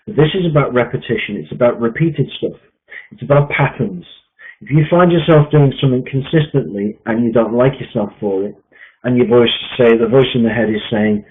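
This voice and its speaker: A man's voice: mid-range voice, brisk. A man coaching a group on sales mindset, emphatic and repetitive with frequent fillers. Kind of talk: coaching session talk. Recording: tinny phone-like line.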